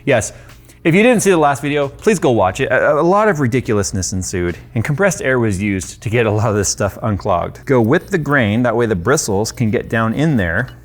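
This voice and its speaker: A man in his thirties casually walking through a hands-on cleaning job at a workbench, chatty and loose with offhand jokes. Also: on the low side. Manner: chatty, loose, self-deprecating asides. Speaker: tech YouTuber. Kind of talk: casual how-to demonstration. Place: workshop workbench.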